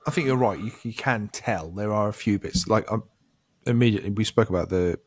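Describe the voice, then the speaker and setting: A man's voice: lowish voice, fairly quick, no room sound. Laid-back man on a podcast. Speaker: podcast co-host. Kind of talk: casual podcast chat.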